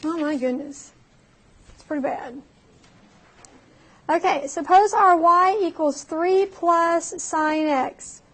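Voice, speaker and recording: Woman, math teacher, high voice, chatty, talks through each step. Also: slow, long pauses. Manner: chatty, laughs at herself, talks through calculator steps. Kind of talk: recorded math lecture.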